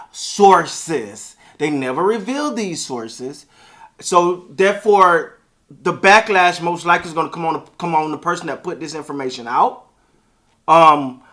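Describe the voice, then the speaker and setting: A man talks through a sports rumor in a loose, casual monologue. His voice sits high and bright, and he is animated and colloquial, looping back over his points. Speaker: sports commentator.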